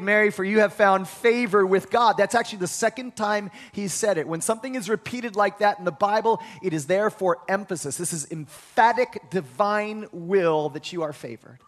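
High-voiced man preaching a sermon. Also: fairly bright tone. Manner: emphatic, repeats words when starting sentences. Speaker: pastor.

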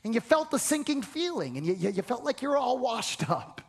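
Male pastor, very high voice, energetic preaching with call-outs to the room, long reverb. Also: moderate pace, creaky, husky. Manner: emphatic, repeats phrases, asks the congregation questions, occasional shouts. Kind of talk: sermon.

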